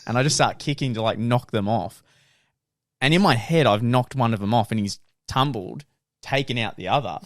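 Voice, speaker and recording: A young man, co-hosting a podcast and telling animated stories. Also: mid-range voice, moderate pace, dry recording, studio quality. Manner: animated storyteller. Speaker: podcast co-host. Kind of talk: casual chat.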